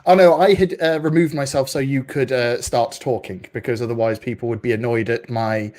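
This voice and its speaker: A man's voice: mid-range voice, fairly even intonation, fairly quick, few pauses, darkish tone. A man hosting an online meetup over a video call, jokey and a little hesitant. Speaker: meetup host. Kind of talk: live event hosting.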